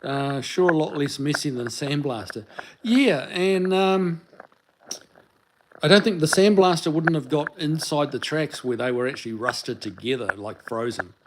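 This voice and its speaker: A man's voice: a little high, a little slow, noisy background. A man with a New Zealand accent hosting a casual livestream, answering viewer chat in a rambling, easygoing way with lots of fillers and restarts.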